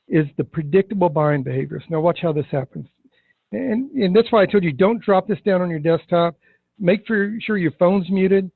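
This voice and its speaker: A man teaching sales technique in a webinar, emphatic, acting out scripted questions with deliberate pauses. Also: sits high, husky, dry recording. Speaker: sales trainer. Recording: tinny phone-like webinar audio.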